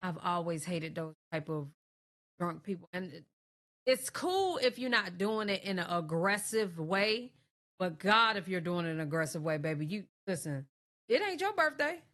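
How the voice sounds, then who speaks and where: A woman's voice: on the low side, normal speed, a bit bright. A woman hosting a reaction video, tossing sassy, blunt asides to her viewers. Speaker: reaction channel host. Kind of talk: casual reaction commentary.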